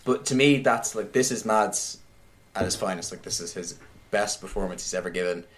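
A man in casual conversation, retelling a film scene by scene in an animated way, with many "like"s. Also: low voice, moderate pace. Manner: animated retelling, heavy use of "like". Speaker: podcast guest discussing films.

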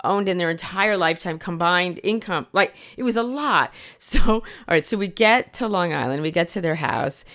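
A woman telling a comic story in casual chat, animated and salty, acting out the lines she quotes. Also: lowish voice, normal speed, hardly any pauses. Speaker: guest storyteller.

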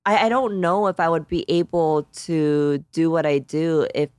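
In a low, a little mellow voice with fairly even intonation and a moderate pace, a woman in her thirties co-hosts a podcast. She rambles emotionally and gratefully in casual chat, saying "like" a lot, captured in a dry, clean studio recording.

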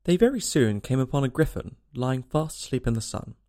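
A man narrating a storybook in an expressive, animated way. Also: mid-range voice, fairly quick. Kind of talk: storybook reading.

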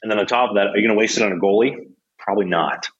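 A young man, a hockey goalie telling stories in a casual, profane, animated way with lots of restarts. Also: on the low side, rapid-fire, muffled recording. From Canada. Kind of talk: casual storytelling chat.

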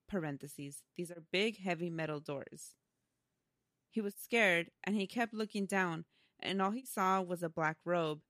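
A woman co-hosting a podcast, chatting casually and reading listener stories aloud. She laughs easily between lines, and her voice sits a little low. The recording is dry and close, with no room sound. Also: dry recording. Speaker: podcast co-host.

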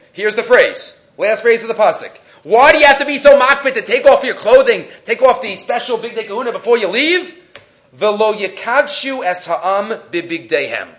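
A man's voice: very high-pitched, a bit bright, dull audio. A man teaching a weekly Torah class, asking rhetorical questions and mixing Hebrew terms into his explanations.

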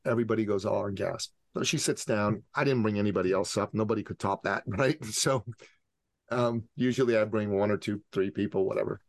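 A man in his forties from the Middle East, a podcast guest and business coach telling an animated, dramatic story. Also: on the low side, fairly quick, no echo. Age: 40s. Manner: dramatic, acts out scenes with voices.

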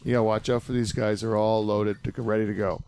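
A man's voice: on the low side, flat delivery, fairly quick, darkish tone, clean tone. A man hosting a casual podcast chat, rambling, joking and spinning out hypotheticals. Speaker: podcast host.

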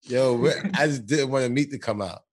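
A man's voice: medium pitch, brisk, breathy edge. A man co-hosting a podcast with joking, slangy, laid-back banter. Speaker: podcast co-host. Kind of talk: casual chat.

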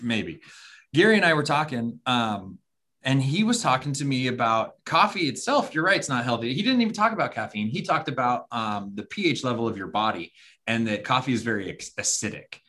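A man's voice: medium pitch, very animated, fairly quick, sharp tone. A man co-hosting a podcast, telling a story in casual chat, rambling with many fillers and restarts. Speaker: podcast co-host.

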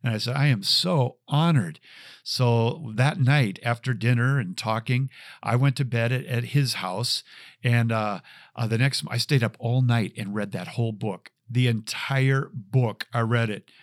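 A middle-aged man tells a personal story as host of his own show, halting now and then and circling back over his words. His voice sits at an everyday middle pitch. The sound is close and dry, with no room echo. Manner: earnest, halting with frequent repeats and fillers.

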